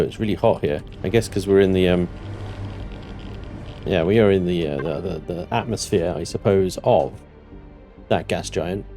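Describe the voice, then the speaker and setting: A low-voiced gaming channel host narrates his let's-play, jumpy and joking. He thinks aloud, then swings into panicked yelling and joking curses.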